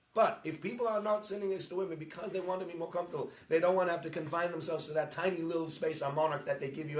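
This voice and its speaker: Rabbi, chatty and animated. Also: male voice, on the high side. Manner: chatty storyteller, rising into animated emphasis. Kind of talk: informal talk to a congregation, streamed live. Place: synagogue hall. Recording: roomy echo.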